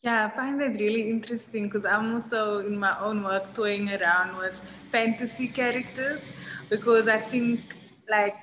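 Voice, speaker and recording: A woman's voice: a little high, fairly even intonation, normal speed, fairly bright tone, slight background noise. Woman, panel moderator, casual, enthusiastic, slangy, long reverb. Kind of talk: panel discussion.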